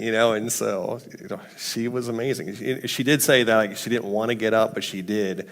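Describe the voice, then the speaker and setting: A man giving a casual, conversational testimony sermon in a church, slipping into quoted voices with sudden pitch jumps. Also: fairly even intonation, normal speed. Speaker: mission team member speaking at church. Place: church sanctuary.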